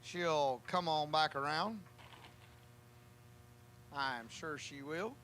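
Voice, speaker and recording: A man calling a drag race, with a joking, folksy manner and drawn-out calls. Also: a little high, background noise. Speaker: race announcer. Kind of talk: drag racing commentary.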